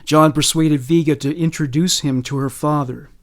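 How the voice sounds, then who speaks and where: A man giving scripted narration in a measured, serious way. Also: on the high side, steady tone.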